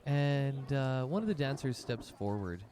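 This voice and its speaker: A man's voice: medium pitch, animated, measured pace, mellow, a little hiss or hum. A man narrating as game master of a tabletop game, rambling loosely with many fillers.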